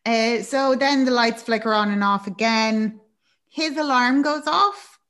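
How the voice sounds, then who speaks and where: A woman's voice: fairly high pitch, a little slow, fairly bright tone. A woman co-hosting a podcast, casually recapping a film with plenty of fillers and acted-out quotes. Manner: chatty, lots of fillers, acts out character lines. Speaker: podcast co-host.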